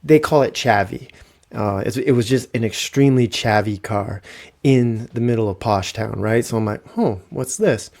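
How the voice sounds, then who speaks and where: Dark-voiced man telling stories. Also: on the low side, normal speed, gravelly. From Canada. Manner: animated, profane, rhetorical "right?". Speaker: podcast host. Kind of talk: comic storytelling.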